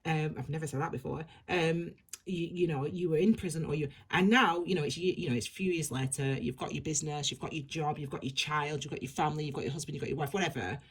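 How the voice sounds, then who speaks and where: A woman's voice: low voice, steady tone, quick pace, breathy edge. A woman giving a tarot reading, rambling and repeating herself as she gushes reassurance at her viewers. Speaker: tarot reader.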